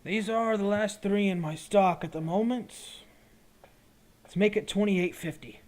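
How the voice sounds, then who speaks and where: A man's voice: high voice, unhurried, a little mellow, voice pushed up. A man voicing a shrewd male potion brewer who sells his wares and haggles politely but firmly. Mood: bargaining. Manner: bargaining, polite but firm.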